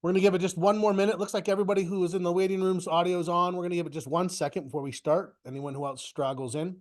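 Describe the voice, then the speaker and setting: A middle-aged man with a slightly high voice hosts a live trading webinar over his computer mic, sounding stuffy from a cold. He rambles in a chatty way, doubling back on his words as he goes. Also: steady tone, very fast, darkish tone. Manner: rambling, self-correcting, chatty. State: stuffy with a cold, occasional cough. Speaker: host of a market webinar. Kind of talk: casual live webinar talk.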